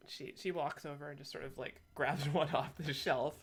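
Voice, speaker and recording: A woman's voice: deep voice, steady tone, normal speed, husky. Woman game master narrating casually. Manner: casual, many fillers, chuckling.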